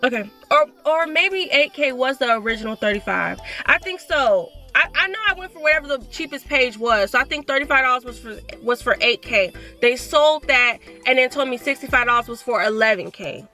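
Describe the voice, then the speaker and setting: Young woman, sore throat, animated storytime, faint music behind. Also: sits high. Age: 20s. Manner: animated, reads messages aloud, talks fast. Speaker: vlogger. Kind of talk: casual storytime.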